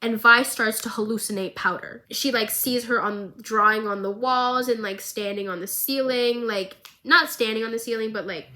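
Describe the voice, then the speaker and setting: A young woman vlogger giving a casual, animated recap of a show, with lots of filler words. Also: mid-range voice. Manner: animated, chatty, filler-heavy.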